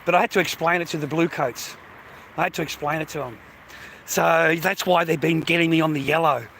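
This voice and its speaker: A man's voice: a little high, fairly even intonation, a little fast, a bit bright, slight background noise. An Australian man griping at his live-stream chat in casual talk, swearing heavily and laughing between complaints. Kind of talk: casual livestream rant.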